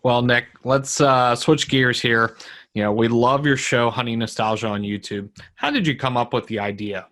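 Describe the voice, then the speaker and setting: A man hosting a podcast interview, asking relaxed, friendly questions. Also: medium pitch, normal speed. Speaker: podcast host. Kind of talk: casual interview.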